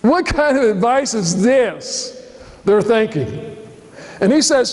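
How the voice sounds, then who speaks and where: A man with a very high voice preaches slowly and deliberately, acting out the scene as he tells it. His voice rings through a church hall with a long reverb. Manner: animated storytelling, acting out the scene. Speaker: pastor. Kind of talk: sermon.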